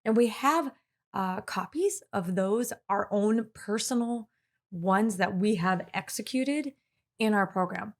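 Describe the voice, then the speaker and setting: A woman's voice: medium pitch, slow. A woman co-hosts a casual business podcast in a mid-range voice. She answers listener questions earnestly. She laughs easily along the way. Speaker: podcast co-host.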